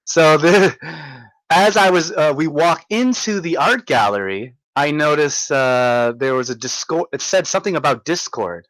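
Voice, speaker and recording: Rambling, halting man, dry sound. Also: fairly high pitch, no room sound, poor audio. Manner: halting, many restarts and fillers; excitable, marvelling. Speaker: vlogger recounting a visit. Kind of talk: rambling casual storytelling.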